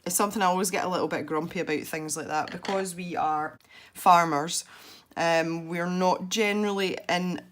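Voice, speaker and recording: Congested soft-spoken woman narrating colouring. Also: lowish voice, steady tone, normal speed, hardly any pauses. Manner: soft-spoken, chatty and self-deprecating. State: congested from a head cold. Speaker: colouring video host. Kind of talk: relaxed colouring commentary.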